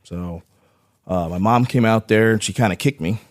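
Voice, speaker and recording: A man with a fairly low voice tells his story casually as a podcast guest. He rambles and swears freely, checking in with "right?" as he goes. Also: normal speed. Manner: profane, rambling, frequent "right?" tags. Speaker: podcast guest, Marine veteran.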